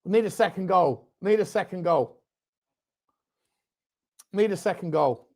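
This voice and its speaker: Chatty football fan host. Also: male voice, sits high, animated, a little slow, gravelly. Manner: chatty, reads out viewer comments, bursts into shouting at the referee and chances. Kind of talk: live football watchalong commentary.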